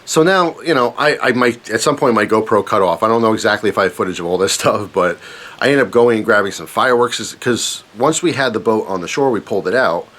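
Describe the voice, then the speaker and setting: A man casually telling a personal story on his channel, animated and self-mocking, rambling with fillers. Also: fairly low pitch, a little fast. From Pennsylvania, USA.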